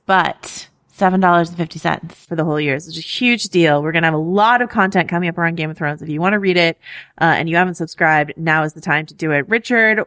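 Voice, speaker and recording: A chatty woman hosting a podcast, talking loosely with lots of ums and quick laughs. Her voice sits on the lower side and the recording is dry and close. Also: fairly bright tone, dry recording. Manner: chatty, laughing often, many fillers. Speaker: podcast co-host. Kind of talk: casual podcast chat.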